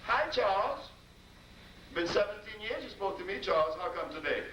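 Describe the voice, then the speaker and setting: Guy doing a high falsetto scolding wife, teasing, echoey far-off mic with noise. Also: lively intonation, normal speed, pushed and bright. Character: sharp-tongued woman scolding her husband. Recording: echoey room, distant mic, noisy.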